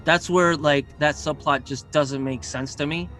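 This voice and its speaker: Bright, fairly high-voiced male podcast host, easygoing and filler-heavy, faint music behind. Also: fairly even intonation, a little slow. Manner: easygoing, emphatic, lots of filler words. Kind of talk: casual podcast discussion.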